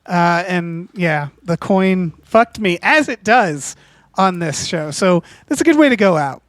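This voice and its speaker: A man's voice: high-pitched, expressive, a little slow, no room sound. A man chatting casually as a podcast co-host, laid-back and full of fillers. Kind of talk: casual chat.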